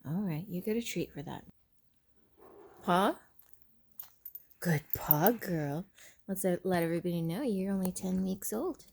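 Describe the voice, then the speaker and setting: A woman's voice: on the low side, lively intonation, slow pace, long pauses, a little mellow, husky. A woman at home talking to her puppy, giving short commands and coaxing praise. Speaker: dog owner training her puppy. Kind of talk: casual talk to a puppy. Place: home, indoors.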